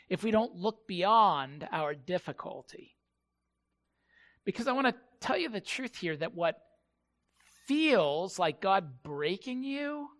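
A man preaching a sermon, with a bright voice pitched a little high. He tells a story in a halting way, often repeating words. He leans into key lines slowly. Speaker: pastor.

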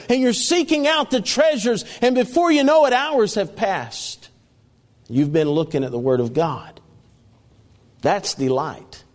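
A man's voice: very high-pitched, in a large hall. A man preaching a sermon, reading scripture aloud and repeating key phrases with emphasis.

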